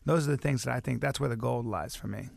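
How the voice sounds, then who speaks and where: Gravelly, animated male comedian storyteller. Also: medium pitch, fast, no echo, clean studio sound. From American. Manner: animated storyteller, swearing freely, drops into gruff impressions. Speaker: guest comedian. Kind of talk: casual interview chat.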